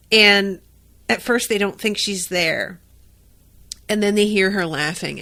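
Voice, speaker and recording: A woman's voice: fairly low pitch, bright, forceful tone. A woman hosting a podcast, recapping a TV episode in casual chat, emotional and swearing freely, crying at times. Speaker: podcast host.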